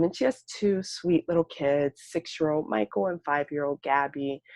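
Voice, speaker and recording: A woman presents a webinar with a low voice that is dry and close. She talks in a conversational way, telling stories and using plenty of fillers. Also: creaky, a little mellow, no room sound. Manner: conversational, storytelling, frequent fillers. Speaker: presenter, mental health clinician.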